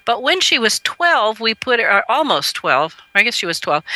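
A middle-aged woman with a very bright, clear voice shares a parenting story as a radio guest. She speaks earnestly and gently, and her voice rises when she quotes someone. The recording is close and dry, with no room sound. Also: medium pitch, no room sound, poor audio.

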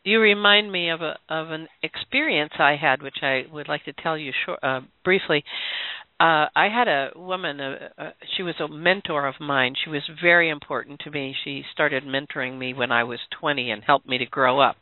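A woman's voice: low-pitched, normal speed, no room sound. A woman hosting a podcast interview, telling a personal story and affirming her guest with frequent mm-hmms. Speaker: podcast host. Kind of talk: casual interview chat. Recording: tinny phone-like line, dry.

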